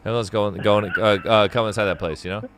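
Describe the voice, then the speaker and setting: A man hosting a live stream, chatting casually with a caller in an excitable, profane way and cutting in with questions. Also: on the low side, fast talker, slight background noise. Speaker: streamer host.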